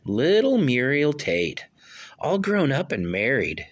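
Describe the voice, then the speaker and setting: A woman's voice: rumbling low, sing-song, slow, exaggerated voice. A woman playing an eager, effusive middle-aged male film producer in a rehearsed stage play reading. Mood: gushing. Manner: effusive, gushing. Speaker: actor in a rehearsal.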